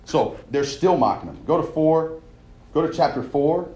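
A young coach leading a devotional preaches in an emphatic, conversational way, often asking his listeners "all right?". His voice is a little high and darkish in tone, animated, at normal speed, and the room has an echo.

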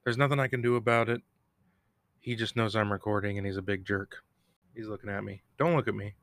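A man with a fairly low, slightly bright voice and a steady tone speaks fairly quickly, recapping a TV episode by himself as a podcast host. He rambles, teases himself, and laughs at his own jokes. He's in a home recording room, with a cat bell nearby.

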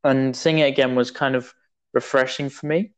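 A man's voice: mid-range voice, fairly even intonation, moderate pace, clean tone. A young man co-hosting a casual podcast, speaking in a hesitant, laid-back way. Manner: hesitant, laid-back, laughs mid-sentence. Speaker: podcast co-host.

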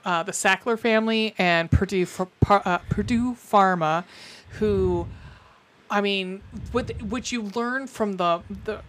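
A woman's voice: mid-range voice, fairly bright tone. A woman co-hosting a podcast in casual chat, rambling with fillers and restarts. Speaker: podcast co-host.

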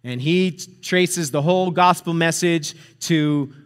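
A man's voice: on the high side, unhurried, clear, resonant tone. A man preaching a sermon, retelling a story in a casual, conversational way with frequent chuckles and asides. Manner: conversational, chuckling, checks in with "right?". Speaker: pastor. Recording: long reverb of a hall.

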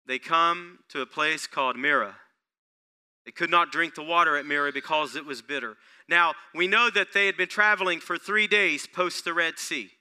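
A male pastor preaching a sermon, throwing rhetorical questions at the congregation and building excitement. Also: a little high, normal speed, smooth.

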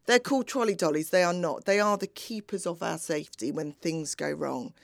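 A middle-aged woman telling a personal story in a slow, deliberate, dramatic way, with long pauses. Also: on the low side, creaky, no echo, clean studio sound.

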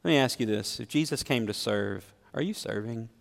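A man's voice: mid-range voice, normal speed, vocal fry. A middle-aged man preaching a sermon as pastor, earnestly putting questions straight to his congregation. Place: church sanctuary. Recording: long reverb of a large hall.

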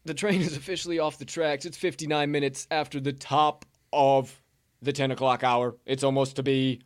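A man co-hosting a sports betting podcast, talking casually with loud, profane, showman-style hype and ad reads. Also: medium pitch, level tone, moderate pace, clear, resonant tone.

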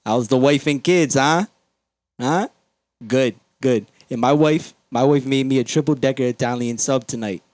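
A man voicing a loud, crude male construction worker who bellows taunts at his coworkers by name. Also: mid-range voice, normal speed, no room sound, close to an everyday voice. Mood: rowdy taunting. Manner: bellowing, taunting, calls out names.

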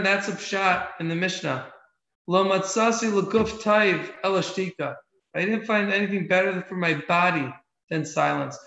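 A man's voice: sits high, gravelly, fairly bright tone. A man teaching an evening Torah class, earnest and often repeating his phrases for emphasis. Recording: echoey room, dull lo-fi sound.

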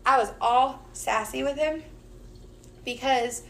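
High pitched cali girl telling a crazy story, cussing and cracking up. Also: takes it slowly, gravelly, a little hiss or hum. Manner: profane, laughing, animated storytelling. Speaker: podcast co-host. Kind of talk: casual storytelling chat.

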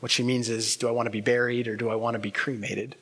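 With a mid-range, level voice, a man delivers a sermon as pastor. His tone is earnest and reflective, marked by frequent pauses and words that fade off softly.

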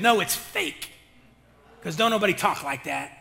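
A man's voice: sits high, expressive, normal speed, gravelly, sharp tone. A male pastor preaching an impassioned sermon with casual, slangy talk and call-and-response to his church. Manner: colloquial, slangy. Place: church sanctuary. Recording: reverberant hall.

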